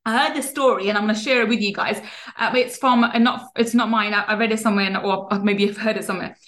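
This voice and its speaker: A woman's voice: medium pitch, steady tone, fast, a bit bright. A woman hosting a podcast, giving an earnest motivational monologue with many restarts and fillers. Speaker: podcast host.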